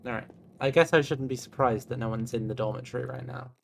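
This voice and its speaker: A man's voice: medium pitch, quick pace, vocal fry, a little hiss or hum. A young man streaming a story game, chatting casually and reading its dialogue aloud in a playful manner. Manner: playful, swearing, reacts with little gasps and laughs.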